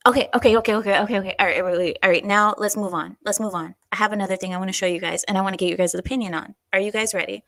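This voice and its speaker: A woman hosting a livestream, chatting casually and reading out viewer comments in an animated, talkative way. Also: mid-range voice, rapid-fire, few pauses, no room sound. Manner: chatty, animated, breaks into silly voices and laughs. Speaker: livestream host.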